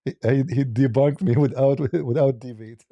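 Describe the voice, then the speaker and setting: Gravelly dark-voiced man chuckling through a story. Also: mid-range voice, moderate pace, no echo. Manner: chuckling, broken English, many restarts. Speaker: host. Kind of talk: casual storytelling on a live stream.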